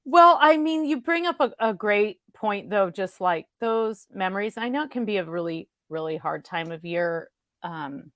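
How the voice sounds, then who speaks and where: A woman's voice: mid-range voice, expressive, moderate pace, a bit bright, no room sound, studio quality. Reflective woman guest on a talk show. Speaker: author guest. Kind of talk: casual conversation.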